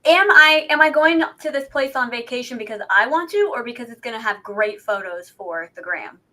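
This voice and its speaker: A woman's voice: fairly high pitch, animated, moderate pace, sharp tone. A woman co-hosting a podcast in casual chat, talkative and self-deprecating, posing rhetorical questions. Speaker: podcast co-host.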